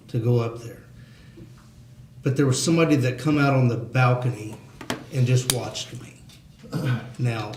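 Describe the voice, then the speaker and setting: A man's voice: medium pitch, a little mellow, slight background noise. Plainspoken man at a neighborhood meeting, heated in bursts, echoey room. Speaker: resident at a community meeting. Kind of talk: community meeting discussion.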